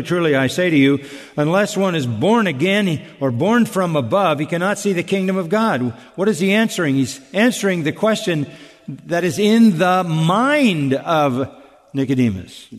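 A man delivers an expository sermon in a voice that sits a bit high. He drives his points home with deliberate emphasis and rhetorical questions. The sound lingers in a long hall reverb. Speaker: pastor.

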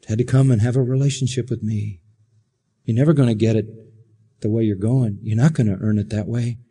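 A man voicing a gentle father tenderly pleading with his grown son, as quoted in a sermon. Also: mid-range voice, fairly even intonation, fairly quick, breathy edge, voice pushed down.

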